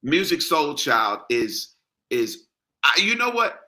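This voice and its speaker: A man's voice: a little high, big pitch swings, slow, sharp tone. A young adult man from Texas with a Texan accent, a singer chatting in a laid-back way in an interview and breaking into soulful song. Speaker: singer and guest. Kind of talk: casual interview chat with sung snippets.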